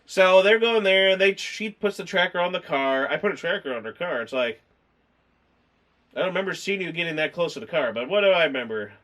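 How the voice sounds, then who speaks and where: A man hosting a casual movie review chat, rambling and animated, acting out scenes in quick character voices. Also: high-pitched. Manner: rambling, full of fillers.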